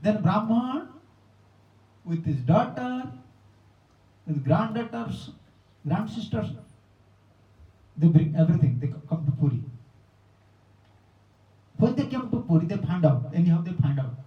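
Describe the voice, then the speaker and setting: A man giving a spiritual talk, telling a story in simple non-native English with lively animation. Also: high-pitched, measured pace, pauses often. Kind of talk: sermon with storytelling. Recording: roomy, distant, dull lo-fi.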